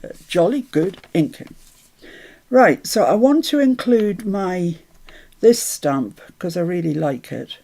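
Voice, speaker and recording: This woman speaks slowly in a low, expressive voice with vocal fry while running a laid-back crafting stream. Chatty throughout, she walks through every step, murmurs to herself mid-task, and cheerfully welcomes people in the chat.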